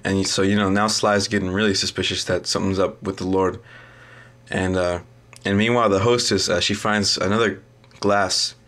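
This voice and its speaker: A young man, a student, casually retelling a story in a halting way, full of ums and restarts. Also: low-pitched, little pitch movement, fairly bright tone. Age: young adult.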